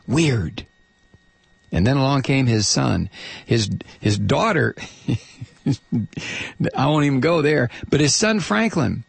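A man's voice: a little high, lively intonation, normal speed, gravelly, breathy edge, no echo. A middle-aged man hosting a casual opinion monologue, talking in a blunt, rambling way full of hesitations and restarts.

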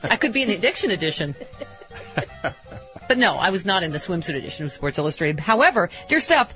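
A woman's voice: fairly low pitch, big pitch swings. Playful middle-aged woman hosting radio. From Lockport, New York, USA. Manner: playful and quick, laughs often. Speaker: radio show host. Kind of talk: comic radio talk show. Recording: slightly muffled radio broadcast with faint music.

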